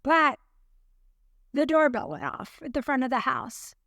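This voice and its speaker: A woman's voice: sits high, measured pace, creaky, no room sound, clean studio sound. A woman co-hosting a podcast, telling a chatty story and acting out the voices of the people in it. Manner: animated storyteller, acts out voices. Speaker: podcast co-host. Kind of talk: casual chat, storytelling.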